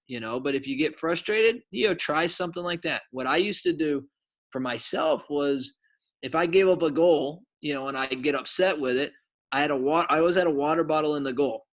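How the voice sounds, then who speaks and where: A middle-aged man, a soccer coach and former goalkeeper, telling stories to kids in a rambling, animated way with lots of fillers. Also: fairly high pitch. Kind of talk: casual storytelling to kids.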